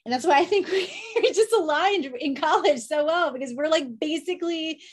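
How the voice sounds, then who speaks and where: Reflective woman guest, slightly high voice, thinking aloud in casual chat. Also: moderate pace. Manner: reflective, asks herself questions aloud. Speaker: podcast guest. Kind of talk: casual conversation.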